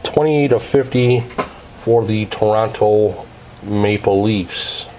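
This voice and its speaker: Slow, methodical man opening card packs. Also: on the low side, dark tone, a little hiss or hum, rough recording. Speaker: card break host.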